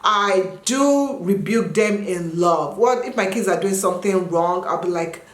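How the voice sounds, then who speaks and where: A woman from Nigeria, around her thirties, chatting casually as she answers viewer questions and jumping into high sung and yelled bits. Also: unhurried, roomy sound. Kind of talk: casual chat.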